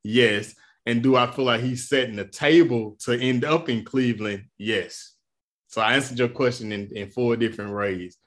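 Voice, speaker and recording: A man's voice: mid-range voice, normal speed, fairly bright tone. Insistent man arguing about basketball. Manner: argumentative, insistent, colloquial. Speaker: podcast co-host. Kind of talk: casual sports debate.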